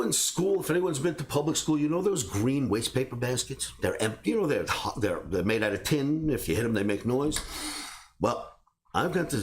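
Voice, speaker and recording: A man hosting a trading show, telling a personal story in a casual, animated way and laughing between beats. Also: mid-range voice, slight background noise. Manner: animated, laughs through his own stories. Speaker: trading academy host.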